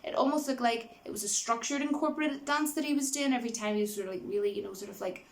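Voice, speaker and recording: A woman's voice: a little high, fast talker, vocal fry. A woman giving a casual spoken movie review, rambling with many fillers and laughing easily as she retells scenes.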